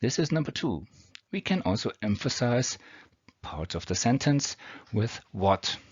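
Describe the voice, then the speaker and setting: A man's voice: medium pitch, very animated, unhurried, slightly rough, no room sound. A man teaching English grammar with a non-native accent, explaining patiently step by step. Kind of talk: explaining grammar over slides. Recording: dull lo-fi homemade audio.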